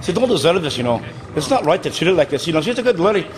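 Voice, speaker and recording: A man's voice: fairly high pitch, sing-song, very fast, voice pushed up. A man putting on a mock-sentimental voice, pleading pitifully on behalf of a sea creature, over a noisy crowd. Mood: mock pity. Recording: noisy hall with crowd behind.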